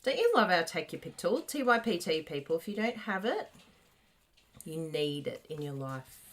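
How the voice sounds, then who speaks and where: A woman's voice: fairly low pitch, very animated, normal speed, a bit bright. A woman co-hosting a live craft stream, chatting playfully and laughing often, with a slight frog in her throat. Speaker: craft demonstrator co-host.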